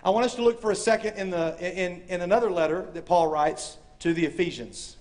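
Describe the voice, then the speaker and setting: A man with a high, light voice preaches a sermon to a live audience. He is animated, acts out the voices in his story, and swings from loud calls to hushed, quiet lines. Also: fairly quick. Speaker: speaker. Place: university chapel or hall with audience.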